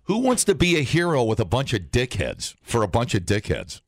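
A man's voice: medium pitch, huge pitch swings, a little fast, no room sound, clean studio sound. A man hosting a morning radio show, reading news items aloud with sarcastic wisecracks in casual banter.

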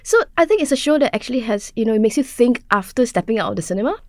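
A woman's voice: on the high side, animated, racing, no echo, studio quality. Enthusiastic woman chatting about films. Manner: enthusiastic, repeats herself, laughs easily. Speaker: podcast co-host guest. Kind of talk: casual film review chat.

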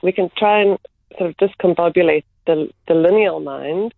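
Interview guest: woman, art facilitator, thoughtful and deliberate, tinny phone-line sound, dry. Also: lowish voice, creaky, dry recording. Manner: measured, slows down on key words. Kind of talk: reflective interview answers.

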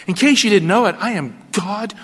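An almighty God declares with total assurance, every word emphatic, as a male preacher voices him. The tone is bright and forceful. A long hall reverb hangs behind it. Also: high-pitched, normal speed, breathy edge, pitched above the performer's own voice. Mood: commanding.

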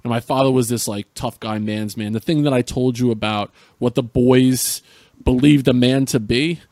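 A man's voice: mid-range voice, steady tone, normal speed, darkish tone, no room sound, clean studio sound. A middle-aged man from Central New Jersey, a podcast guest earnestly retelling a painful personal story with frequent restarts.

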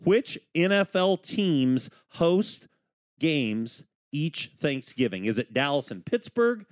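A man's voice: a little high, sing-song, slow pace, no room sound. Man hosting a quiz, playful and teasing, bouncy up-and-down voice, dry close sound. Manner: playful, teasing, draws out questions. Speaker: trivia quiz host. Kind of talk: casual radio chat quiz.

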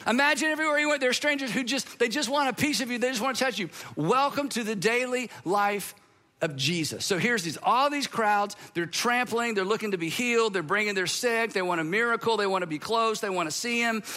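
Bright, high-voiced male pastor preaching. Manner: animated, conversational preaching with asides to the audience. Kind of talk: sermon.

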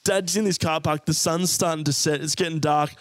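An Australian man in his twenties telling a funny story on a podcast, animated and laughing as he goes. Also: fairly high pitch, a little fast, no echo, clean studio sound. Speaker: podcast co-host. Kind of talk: comic storytelling.

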